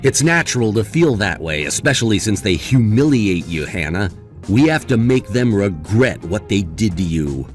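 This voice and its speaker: A man plays a young man in a dramatized story, mocking and dismissive one moment, sympathetic the next. His voice moves around a lot in pitch. Light background music plays under the dialogue. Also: very animated, moderate pace. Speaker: voice actor in a story video. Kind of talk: scripted voice acting.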